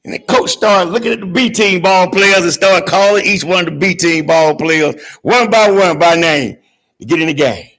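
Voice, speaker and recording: A man from Georgia, giving a graduation speech and telling an animated story, calling out to the audience to join in. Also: high voice, normal speed. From Georgia, USA. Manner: call-and-response with the audience, dramatic swings from hushed to shouting. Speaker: graduation guest speaker.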